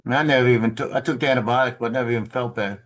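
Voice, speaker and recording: A man's voice: mid-range voice, steady tone, rapid-fire, fairly bright tone. A man casually telling a story over a video call, rambling and repeating words, laughing at his own tale.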